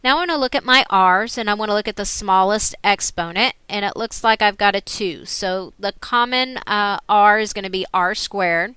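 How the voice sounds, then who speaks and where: Bright, clear woman teaching algebra step by step. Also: medium pitch, normal speed, hardly any pauses, no room sound. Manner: steady step-by-step explaining. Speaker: math teacher. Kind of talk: recorded screen lesson.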